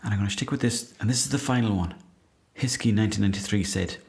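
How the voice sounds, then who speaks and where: A low-pitched Irish man who hosts a comedy podcast. He reads listener messages with dry, deadpan timing, swears freely, and slips into mock outrage. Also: quick pace. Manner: deadpan, profane, mock-indignant. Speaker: podcast host. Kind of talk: comic monologue reading listener messages.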